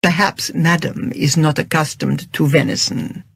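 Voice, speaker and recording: A man's voice: fairly high pitch, fairly even intonation, moderate pace, creaky, a bit bright, a little hiss or hum. A narrator voicing a formal, condescending head waiter who intones his words. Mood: haughty.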